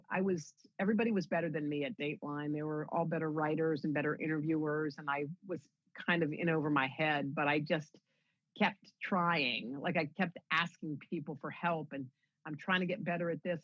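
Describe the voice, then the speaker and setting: A middle-aged woman with a low, husky voice talks through her career in a relaxed interview. She tells her stories animatedly and slips into the voices of people she quotes. The sound is dry and a bit dull. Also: dry recording. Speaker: interview guest, TV host. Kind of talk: conversational storytelling interview.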